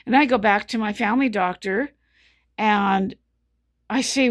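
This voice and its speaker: With a measured pace and mid-range voice, this woman talks casually about what she went through as a patient, earnestly and with frustration, circling back to things again and again.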